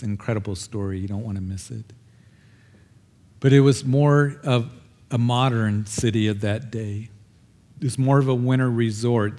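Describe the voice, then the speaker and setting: A man's voice: medium pitch, darkish tone. Man preaching a story-driven sermon. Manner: storytelling, acts out cries with raised voice. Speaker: pastor.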